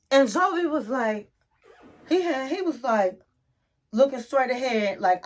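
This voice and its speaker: A woman in casual commentary, recapping a reality TV episode in a chatty, drawn-out way with frequent restarts. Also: high voice, expressive.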